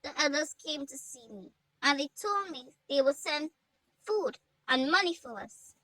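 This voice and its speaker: A woman's voice: high-pitched, lively intonation, dry recording, heavily acted, low-quality recording. Woman reading as a frail sick mother. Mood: frail, tender. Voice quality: weak, soft. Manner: slow, tender. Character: frail sick mother, gentle but stern.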